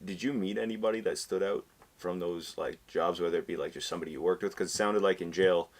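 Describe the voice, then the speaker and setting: A man's voice: deep voice, quick pace. A man hosting a podcast interview, asking follow-up questions and giving supportive short replies. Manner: supportive listener, short backchannels. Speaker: podcast host.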